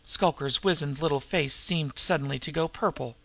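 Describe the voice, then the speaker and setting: A man narrating a story as an audiobook, in a steady, measured reading. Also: a little high, gravelly, no echo.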